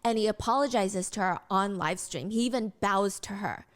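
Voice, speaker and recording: A woman narrates a true-crime story in a scripted, earnest way. She keeps the retelling brisk and steady, with a voice of ordinary pitch.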